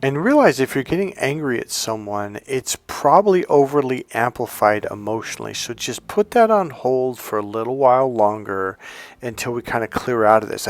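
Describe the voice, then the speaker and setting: Searching for words and frequently starting over, a male life coach improvises a motivational talk straight to camera. His pitch is medium, and there's no room sound in the recording.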